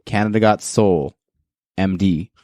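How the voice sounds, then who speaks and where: A man hosting a casual podcast, talking in a relaxed, rambling way with lots of fillers. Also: low-pitched, a little slow, dry recording, studio quality. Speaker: podcast host.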